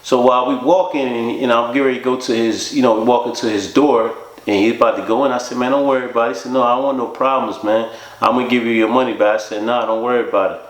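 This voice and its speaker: A man's voice: medium pitch, fairly even intonation, quick pace. Man telling his story in an echoey room. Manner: rambling, fills with "you know" and "man", acts out both sides of quoted talk. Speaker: storyteller recounting his own life. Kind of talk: casual spoken storytelling.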